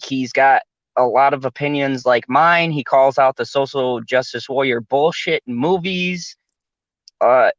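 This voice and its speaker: A man's voice: mid-range voice, measured pace, dry recording, highs cut off. A man hosting his channel in casual podcast chat, rambling with fillers and laughing often. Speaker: channel host.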